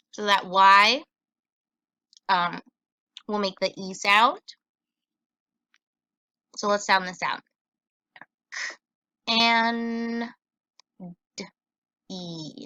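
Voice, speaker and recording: Young woman teacher, phonics lesson; unhurried and crisp, recorded dry and close. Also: medium pitch, sharp tone, no room sound. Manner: slow, patient sounding-out of words.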